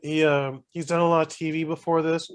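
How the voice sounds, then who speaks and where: A man co-hosting a podcast, rambling through an animated casual chat with many fillers. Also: on the high side, fairly quick, smooth. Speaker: podcast co-host.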